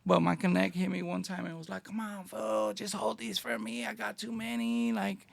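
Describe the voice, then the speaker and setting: La guy, middle-aged, raspy fry all over, high-ish voice, telling stories w/ lots of slang. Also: normal speed. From Northeast Los Angeles. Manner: animated street-slang storyteller, acting out dialogue. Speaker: guest. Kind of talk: casual storytelling interview.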